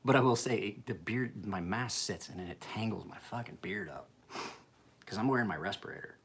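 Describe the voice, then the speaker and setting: A man's voice: lowish voice, normal speed, fairly bright tone. A man in his forties ranting casually in a home vlog, heated and full of profanity. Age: 40s. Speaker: knife sharpener vlogger.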